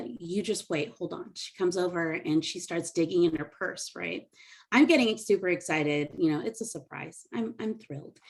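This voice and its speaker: A woman's voice: medium pitch, darkish tone. A woman comic doing a rambling, self-deprecating stand-up set on a video call. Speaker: stand-up comedian.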